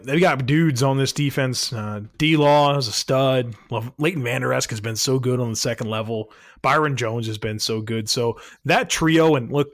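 A man's voice: medium pitch, no room sound, studio quality. A man co-hosting a podcast, talking sports in an upbeat, teasing way. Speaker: podcast co-host. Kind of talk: casual sports chat.

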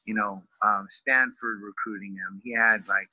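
A man's voice: on the low side, steady tone, moderate pace, bright, forceful tone, dry recording, low-quality recording. A man in his forties from California, a wrestling coach telling a heartfelt personal story in an emotional, rambling way, full of fillers. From California, USA.

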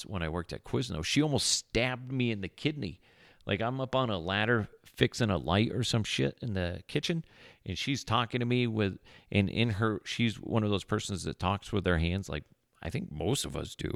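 In a deep, creaky voice captured with clean studio sound and no room noise, a man hosts a podcast, delivering a casual, rambling storytelling monologue laced with crude humor, jokes, and plenty of fillers.

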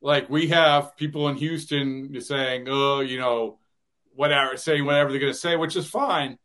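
A man's voice: mid-range voice, steady tone, moderate pace, fairly bright tone. A man who works as a radio broadcaster, guesting on a podcast and telling rambling stories full of restarts and chuckles. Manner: rambling storyteller, many restarts, chuckles often. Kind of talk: casual interview chat.

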